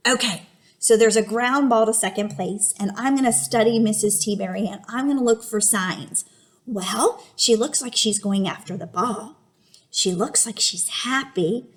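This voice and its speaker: A woman's voice: medium pitch, moderate pace. A young adult woman teaching a reading lesson to young children, reading aloud with exaggerated expression.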